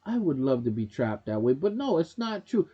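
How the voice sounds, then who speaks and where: High-pitched guy ranting to camera, blunt and preachy, kinda muffled dull audio. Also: very animated, normal speed, slightly rough. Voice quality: casual speech with dropped grammar. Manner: blunt, preachy, talks straight to viewers. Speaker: commentary show host. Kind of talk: opinionated monologue.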